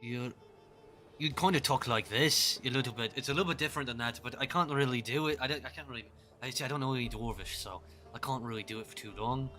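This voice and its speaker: A man's voice: medium pitch, rapid-fire, hardly any pauses, pushed and bright, faint music behind. A man chatting as a player in a tabletop game, coaching another player and rambling casually.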